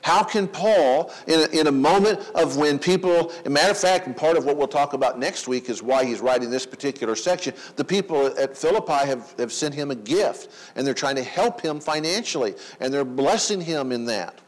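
A man preaching a sermon, emphatic, with dramatic pauses and rhetorical questions. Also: medium pitch, animated, rough recording. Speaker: pastor.

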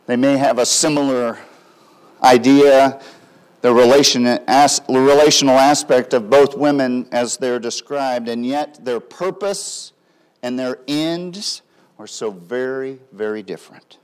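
A man preaching a sermon, swinging between loud emphatic lines and soft, quiet drops. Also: mid-range voice, a little slow, clear, resonant tone. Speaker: pastor.

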